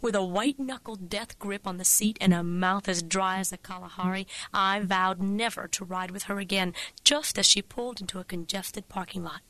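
Bright wry woman storyteller. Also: mid-range voice, moderate pace, few pauses, dry recording, low-quality recording. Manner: wry, vivid, expressive. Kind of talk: scripted story narration.

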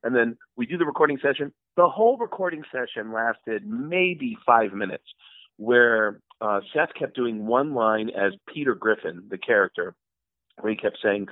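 A man chatting as a guest, spinning anecdotes with an animated, swinging delivery. He comes through a thin, phone-like line. The sound is dry and close. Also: normal speed, no echo. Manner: animated storyteller, acts out quotes with big pitch jumps. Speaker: guest, voice actor and impressionist. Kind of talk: casual storytelling interview.

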